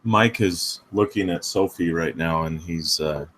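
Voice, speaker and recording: A man with a very deep voice plays a tabletop game and casually describes his character's actions. He speaks in an easy, relaxed way. A faint hiss runs beneath his voice. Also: a little slow, low-quality recording. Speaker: player.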